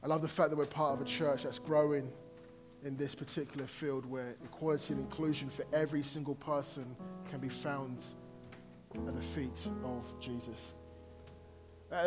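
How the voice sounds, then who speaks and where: A man's voice: on the high side, steady tone, moderate pace, music in the background. A man preaching a sermon in a conversational way, rising to emphatic points.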